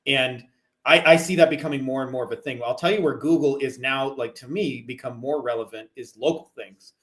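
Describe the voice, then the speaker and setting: A man's voice: medium pitch, fairly quick, a bit bright. A middle-aged man from Canada, speaking as a podcast guest. His talk is casual and rambling, full of "like" and restarts. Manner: rambling, heavy on "like" fillers. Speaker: guest, digital marketer. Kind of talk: casual chat.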